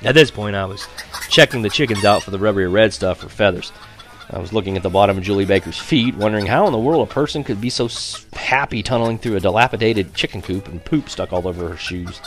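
A young man reading a first-person story aloud, lively and wry, switching to quieter voices for the other characters. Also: lowish voice, quick pace, soft background music. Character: boy narrator recalling spying on a neighbor. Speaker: audiobook narrator. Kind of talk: first-person audiobook narration.

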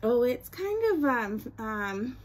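A woman's voice: fairly high pitch, big pitch swings, slow pace. A young adult woman vlogger chatting casually through a product unboxing and review, rambling with self-deprecating asides.

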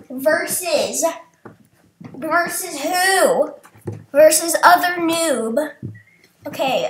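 A young woman giving casual commentary on an online game, excitable and prone to shrieking when she wins. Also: high-pitched. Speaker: gaming video creator. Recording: roomy echo, faint noise.

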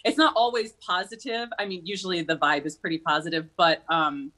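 A woman's voice: lowish voice, steady tone, brisk, a bit bright. A woman from Minnesota with a Midwestern accent, a talk show guest telling stories in a chatty, giggly way. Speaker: guest, social media creator.

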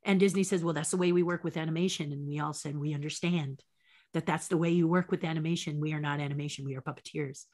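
A woman puppeteer being interviewed, telling a story in a lively way and acting out the voices of people she quotes. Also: deep voice, fast. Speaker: puppeteer guest. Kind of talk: anecdotal storytelling.

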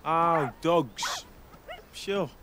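A man's voice: on the high side, expressive, drawn-out words, noisy background. An actor playing a cagey Irish Traveller man with an Irish Traveller accent, talking in a thick, hard-to-follow mumble. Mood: bemused. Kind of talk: film dialogue. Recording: film clip under loud music.

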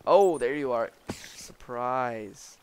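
A young man giving excitable, rambling commentary while playing a block-building game and joking with the creatures he meets. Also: mid-range voice, slow, clear, resonant tone. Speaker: gaming video creator. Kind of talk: Minecraft let's play commentary.

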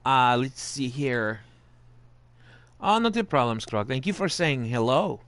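A man's voice: medium pitch, very animated, a little slow, fairly bright tone, dry recording. A male host of a live-streamed wrestling game show, putting on a jokey Italian-style accent and chatting casually with viewers, with the odd swear. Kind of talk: playful live-stream commentary.

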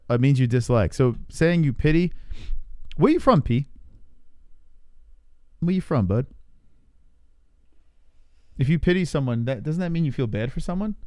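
A man's voice: mid-range voice, expressive, unhurried, long pauses, darkish tone, dry recording. Chatty male livestream host, dry sound. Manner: chatty, reads viewer comments aloud and banters. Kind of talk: casual live fight reaction chat.

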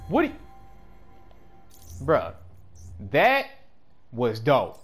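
A man giving casual gameplay commentary in slangy speech, swinging between yelling and mumbling. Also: medium pitch, big pitch swings, measured pace. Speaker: gamer. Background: game music.

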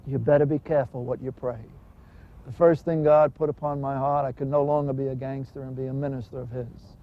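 A man with a mid-range voice speaks fairly quickly with little pitch movement. He's a one-time gangster turned minister, earnestly telling his story with dramatic voiced dialogue, recorded in dull lo-fi with faint music.

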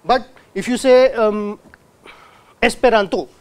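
A man lectures in a hall. He keeps asking the audience questions he then answers himself. He sounds out words slowly to demonstrate them. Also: sits high, clean tone. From India. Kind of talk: university lecture.

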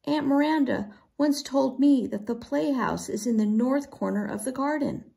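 A woman's voice: high-pitched, moderate pace, creaky, warm tone, voice pushed up. A woman voicing a brave, cheerful little girl who leads her friends in a children's story. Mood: explaining.

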